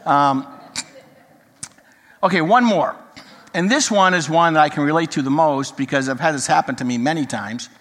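A man's voice: a little high, moderate pace, long pauses. An older man, a grandfather, preaching a sermon and mixing humorous stories with Bible teaching. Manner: storytelling, jokes then teaching, animated quoting. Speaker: pastor. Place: church sanctuary. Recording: long hall reverb.

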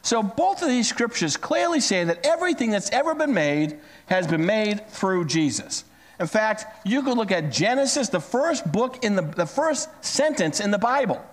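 A man's voice: normal speed, long reverb tail. A man preaching a sermon as pastor, telling stories with big swings in his voice. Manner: animated storytelling with big pitch swings.

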